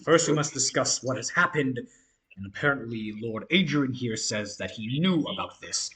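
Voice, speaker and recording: A man voicing a calm, composed male leader who speaks in a measured, formal way. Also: mid-range voice, close to an everyday voice.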